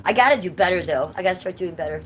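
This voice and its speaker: A woman's voice: fairly low pitch, lively intonation, very fast, a little hiss or hum, low-quality recording. Chatty woman hosting a casual livestream. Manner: chatty, blunt, swears casually. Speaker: livestream host. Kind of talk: casual livestream chat reading comments.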